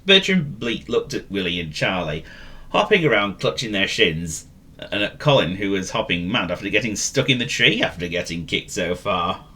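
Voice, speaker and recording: A man's voice: sits low, sing-song, normal speed, pushed and bright. A man narrating a children's story, with playful, teasing asides to the listener.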